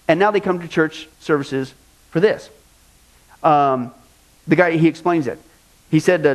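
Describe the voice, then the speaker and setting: A male pastor preaching an animated sermon, mocking things he disapproves of and doing quick impressions. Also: fairly high pitch.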